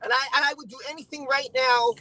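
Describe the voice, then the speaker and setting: A man's voice: very high-pitched, sing-song, quick pace, vocal fry, sharp tone, rough recording. A man talking as a stream guest in a car, heated and emotional, repeating himself as he vents. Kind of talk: casual chat.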